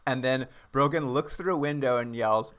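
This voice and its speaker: Bright-voiced man with wry recaps. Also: medium pitch, moderate pace, clean tone. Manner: wry recaps, laughs often. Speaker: podcast co-host. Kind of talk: casual chat.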